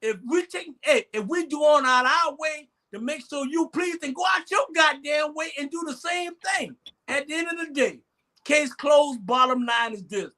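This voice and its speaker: A man hosting a late-night talk show, lecturing his audience with emphatic, often shouted lines. His voice sits unusually high and has a bright, forceful edge. He swears freely to drive his points home. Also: moderate pace. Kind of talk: casual talk show chat.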